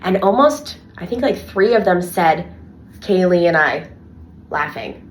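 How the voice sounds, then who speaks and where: A young adult woman, co-hosting a casual podcast and telling animated stories from her childcare work with lots of "like". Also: fairly low pitch, unhurried. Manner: animated storyteller, heavy filler "like". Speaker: podcast co-host and childcare worker.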